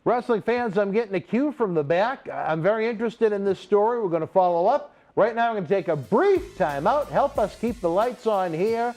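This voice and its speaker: A man's voice: high-pitched, animated, fairly quick, hardly any pauses, darkish tone, soft background music. A man hosting a talk show from a studio, cutting to a break in an announcer's manner. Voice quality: announcer-style sign-off. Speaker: host.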